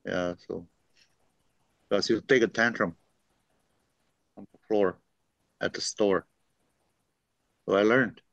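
A man teaching through unhurried stories, full of fillers and the tag "eh?". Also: lowish voice, steady tone, vocal fry, fairly bright tone, no echo. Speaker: language teacher. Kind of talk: storytelling teaching talk. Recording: dry, dull lo-fi recording.

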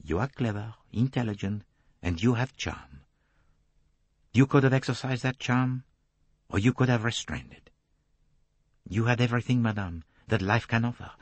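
A man's voice: medium pitch, slightly rough, no room sound, voice pushed up. A man voicing Poirot, precise and probing. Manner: precise, measured, courteously relentless. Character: fastidious middle-aged male Belgian detective, probing, gently insistent. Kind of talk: audiobook character reading.

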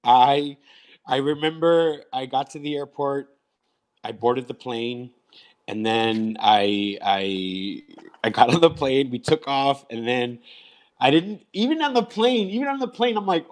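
A man guest from Chicago telling his life story in a live interview, animated and repeating himself as he acts out quoted voices. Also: mid-range voice, unhurried.

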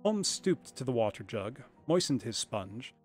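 A man reading a classic detective story aloud on a livestream, in a measured, expressive narration. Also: medium pitch, faint music behind.

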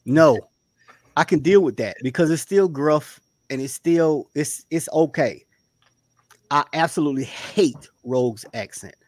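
A man's voice: on the high side, measured pace, dry recording. A man from the Southern United States, co-hosting a casual review chat and stressing his points with repeated words. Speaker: podcast co-host.

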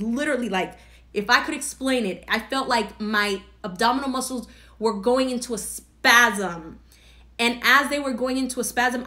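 A woman's voice: on the high side, pushed and bright. A woman hosting a podcast, telling her own birth story in an earnest, heartfelt way. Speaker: podcast host.

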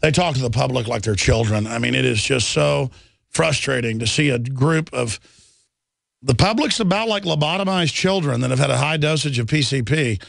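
A man hosting a talk radio show, brash and mocking, talking fast and excitably with a caller. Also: mid-range voice, no room sound, clean studio sound. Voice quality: gravelly. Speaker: radio host.

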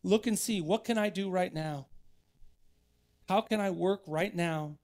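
A man's voice: sits high, measured pace, a little mellow. A man in his thirties, a pastor preaching an earnest sermon in church that builds to emphatic exhortation.

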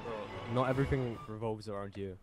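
A man's voice: fairly low pitch, fairly even intonation, fast, over music. A British man in an online game's voice chat, hostile and swearing, stammering when riled. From United Kingdom. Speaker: online game player. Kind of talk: heated voice chat argument.

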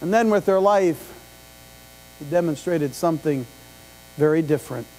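A man's voice: fairly high pitch, moderate pace, darkish tone. A middle-aged male pastor preaching a conversational sermon, often asking the congregation questions and adding asides. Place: church sanctuary. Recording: live church stream with long reverb and mains hum.

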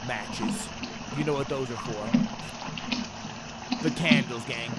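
A young man giving profane, slangy commentary on a horror game, yelling and cursing at jump scares. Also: medium pitch, takes it slowly. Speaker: gaming YouTuber. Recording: faint background noise.

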